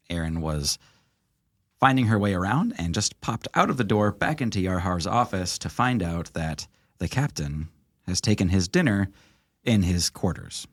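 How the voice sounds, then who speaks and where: A man narrating a tabletop game as game master, in a relaxed, halting way with fillers. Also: sits low, dry recording, clean studio sound.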